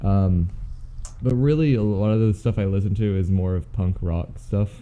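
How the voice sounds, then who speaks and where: A man in a casual podcast chat, talking hesitantly with many pauses and fillers. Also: lowish voice, warm tone, highs cut off. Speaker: podcast co-host.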